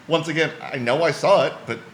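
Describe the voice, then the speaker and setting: A man's voice: on the high side, moderate pace, a bit bright. A laid-back man in casual podcast chat, tossing in jokes and offhand swearing. His voice carries a roomy echo with a faint hiss underneath. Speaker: podcast co-host.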